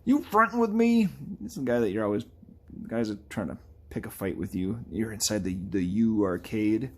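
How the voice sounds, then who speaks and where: A man's voice: lowish voice, steady tone, a little fast, dark tone. A man chatting casually and animatedly while drawing, often slipping into playful impressions of game characters. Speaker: artist streaming a live drawing session.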